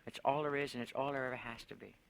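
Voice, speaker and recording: A man's voice: mid-range voice, racing, vocal fry, low-quality recording. A man reading his own fiction aloud in plain storytelling, through a tough teenage narrator's voice.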